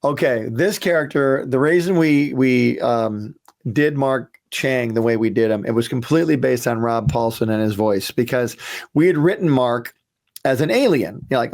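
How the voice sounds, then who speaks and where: A man in casual reaction commentary on his own cartoon, with a mid-pitched, ordinary voice. He tells stories about making the show in a chatty, rambling way, full of ums and restarts. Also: normal speed, gravelly, darkish tone.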